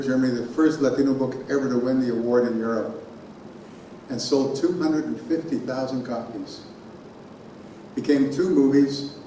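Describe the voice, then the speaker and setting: A man giving a keynote speech in a conference hall, telling a personal story in an animated way and sounding out noises himself. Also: medium pitch, a little hiss or hum. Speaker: keynote speaker. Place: conference hall on a college campus. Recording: very echoey hall from far off.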